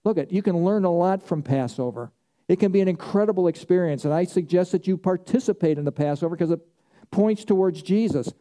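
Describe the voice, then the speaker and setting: A man preaching a sermon with a very dark, mellow tone. His voice sits somewhat high for a man, and he drives his points home by repeating key phrases. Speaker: pastor.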